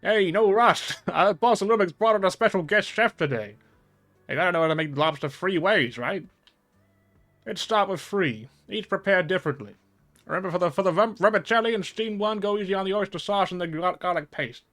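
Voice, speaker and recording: A man voicing a loud, brash male chef with an odd put-on accent, booming out drawn-out orders. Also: faint music behind. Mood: boisterous.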